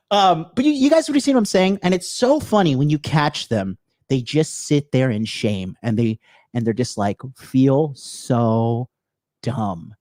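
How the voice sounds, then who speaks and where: A man's voice: mid-range voice, animated, unhurried, darkish tone, no echo, studio quality. A man hosting a livestream, giving blunt dating advice full of swearing, calling his viewers bros and answering chat messages. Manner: blunt and profane, heavy swearing; addresses viewers as bros, reads chat aloud. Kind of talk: unscripted livestream rant.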